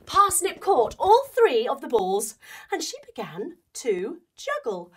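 A young adult woman telling a playful children's story while guiding a yoga class, with expressive delivery and movement cues. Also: sits high, slow. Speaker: kids yoga teacher and storyteller.

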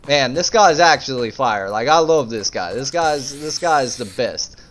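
A man telling a story in laid-back, slangy gameplay commentary, breaking into bursts of excitement. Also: medium pitch, normal speed. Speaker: gaming YouTuber.

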